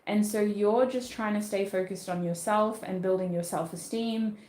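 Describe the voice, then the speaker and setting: An Australian woman gives a relaxed, chatty tarot reading. She thinks aloud as she goes, often restarting her sentences, and her voice sits in a mid range for a woman. The recording has a noticeable echo from the room. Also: medium pitch, normal speed. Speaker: tarot reader. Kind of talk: casual livestream tarot reading.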